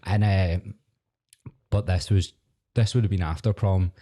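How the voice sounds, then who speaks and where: A young Scottish man hosting a podcast, telling school stories in a lively, laughing way with casual swearing. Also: deep voice, measured pace. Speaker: podcast host. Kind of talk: casual storytelling chat.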